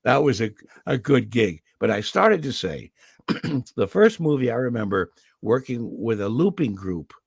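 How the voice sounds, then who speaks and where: An older man, a veteran voice actor, telling stories in an interview with lively delivery and a throat he keeps clearing. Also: mid-range voice, moderate pace, no echo, studio quality. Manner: animated anecdotal delivery with restarts. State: throat irritated, clearing it often. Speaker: voice actor guest. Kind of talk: interview storytelling. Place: home in California.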